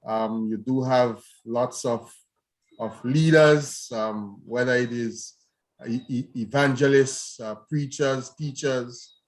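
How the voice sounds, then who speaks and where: Pastor hosting a radio show, a man who speaks slowly with many pauses and fillers. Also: medium pitch, fairly even intonation. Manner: measured, hesitant, many fillers. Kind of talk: radio talk show discussion.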